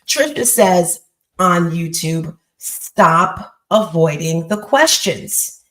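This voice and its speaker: A woman's voice: lowish voice, lively intonation, drawn-out words, fairly bright tone. Emphatic woman in her fifties, echoey sound. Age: 50s. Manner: emphatic, storytelling, talks to the audience directly. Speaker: host. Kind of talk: motivational live chat.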